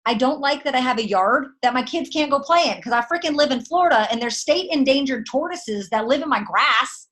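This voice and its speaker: A woman's voice: high-pitched, expressive, a little fast, hardly any pauses, fairly bright tone. A woman giving a fired-up motivational pep talk to her sales team. She speaks emphatically, uses slang and fires off punchy rhetorical questions. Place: at home at night.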